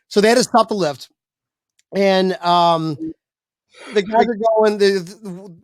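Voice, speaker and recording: A man telling a long anecdote as a podcast guest, lively and profane, acting out the voices of people in it. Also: high-pitched, no room sound. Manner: animated, swearing, acts out quoted voices. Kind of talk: casual storytelling on a podcast.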